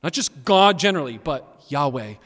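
A man preaching a sermon as pastor, animated and emphatic, swinging between loud and quiet. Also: a little high, moderate pace. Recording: long reverb of a large hall.

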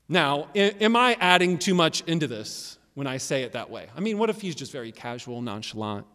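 A pastor preaching to his congregation, his slightly high voice dropping to quiet asides and then rising into loud, emphatic bursts. The sound carries a long reverb from a church hall. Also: expressive, fairly quick. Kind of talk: sermon.

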